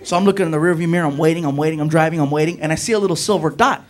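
Animated high-voiced male stand-up comic. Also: rapid-fire. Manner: animated, building to shouts. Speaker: stand-up comedian. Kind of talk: stand-up storytelling. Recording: live club with audience noise.

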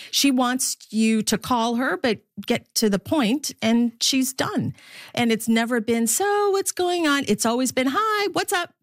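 A middle-aged woman from the Philippines, a sports broadcaster speaking candidly in an interview, laughing often and jumping high in pitch when quoting others. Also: no echo, studio quality.

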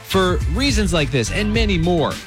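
A man's voice: sits high, sing-song, moderate pace, music in the background. A man hosting a radio show, chatting casually and teasing his co-host.

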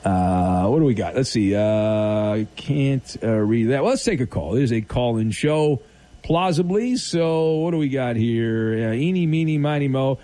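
A man's voice: mid-range voice, animated, unhurried, warm tone. A man hosting a late-night call-in radio show, reading listener messages aloud and bantering easily with callers. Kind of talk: casual call-in radio talk.

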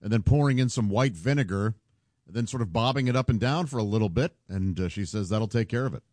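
A man on a radio show's cast, chatting casually with dry, deadpan jokes. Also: on the low side, fast, no room sound. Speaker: radio show cast member. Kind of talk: casual chat.

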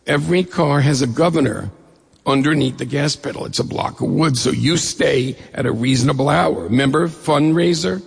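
A man quoting a calm male race-car guide who coaches a driver with encouragement. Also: on the high side, moderate pace, creaky, breathy edge, exaggerated voice. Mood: coaching. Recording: long reverb of a hall.

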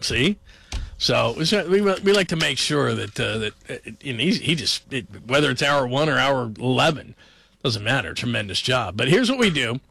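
A man's voice: medium pitch, animated, moderate pace, vocal fry, bright, forceful tone, slightly rough, no echo. A man hosting a late-night sports radio show in a rambling, joking, chatty way. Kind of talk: casual radio talk.

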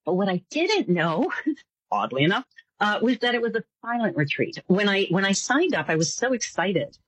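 A woman's voice: medium pitch, moderate pace, slightly rough, no room sound, rough recording. A woman guest telling a personal story in a casual interview, acting out the voices of the people in it. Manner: animated, acts out voices in her stories. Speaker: psychic guest.

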